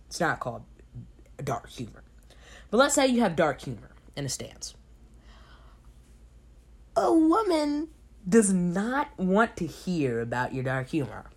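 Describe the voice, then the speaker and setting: A young man hosting a casual solo advice podcast late at night, sleepy, emphatic and repeating words for stress. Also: fairly high pitch. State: sleepy, recording at 3 a.m. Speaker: podcast host. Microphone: home podcast mic.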